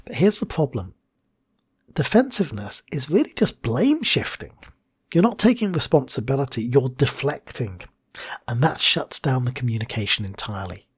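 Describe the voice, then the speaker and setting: A man's voice: mid-range voice, very animated, normal speed, slightly rough. A man, a hypnotherapist and coach, giving a scripted educational monologue in a dramatic way and dropping to a whisper on key words.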